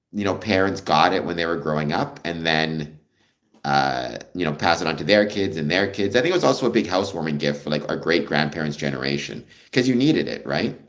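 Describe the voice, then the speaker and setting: A Canadian man hosting a livestream, chatting casually with viewers in a friendly, rambling way with many ums. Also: deep voice. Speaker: livestream host.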